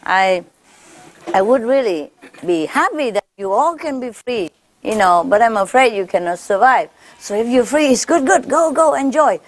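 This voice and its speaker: A woman spiritual teacher speaking informally to her followers, laughing often and repeating warm phrases. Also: on the high side, lively intonation, normal speed. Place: gathering with a live audience.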